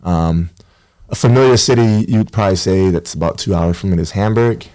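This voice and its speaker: A man's voice: deep voice, normal speed, darkish tone. A man, a professional basketball player guesting on a podcast, telling stories animatedly and acting out voices. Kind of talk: casual storytelling interview.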